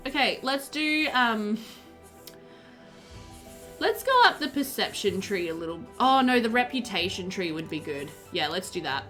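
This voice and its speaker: A woman's voice: mid-range voice, animated, measured pace, pushed and bright, faint music behind. A woman chatting casually while streaming a game, reading chat aloud and laughing often.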